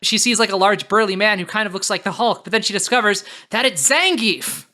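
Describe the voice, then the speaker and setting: A woman on a comedy podcast panel, pitching her case chattily with lots of "like" fillers and giggles. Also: animated, a little fast, pushed and bright.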